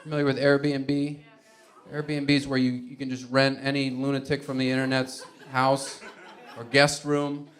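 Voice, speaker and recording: A man's voice: medium pitch, measured pace. Rambling stand-up comic, a man. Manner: rambling, conversational, animated storytelling. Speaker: stand-up comedian. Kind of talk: stand-up comedy set.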